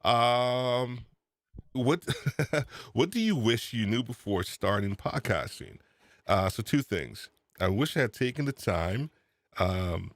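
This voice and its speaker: A man hosting a live podcast chat, excitable and laughing, often repeating himself, speaking into a desk microphone. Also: fairly low pitch, unhurried, no echo, clean studio sound. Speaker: podcast host. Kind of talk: casual live-stream chat. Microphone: USB desk microphone.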